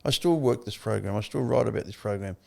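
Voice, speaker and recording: An older man with an Australian accent, a podcast guest telling his story candidly, blunt and quick to swear. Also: fairly low pitch, gravelly. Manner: blunt, swears freely, animated retelling.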